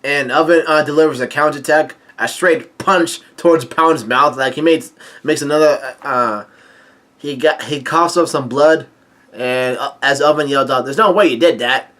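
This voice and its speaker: Bright-voiced man reading a manga chapter. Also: on the high side, normal speed. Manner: hesitant, many fillers and restarts. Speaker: manga reader and commentator. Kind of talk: casual chapter read-through.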